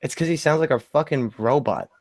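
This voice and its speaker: A man from the United States in casual chat, brash and excitable, swearing often. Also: medium pitch, a little fast, no echo. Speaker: podcast panelist.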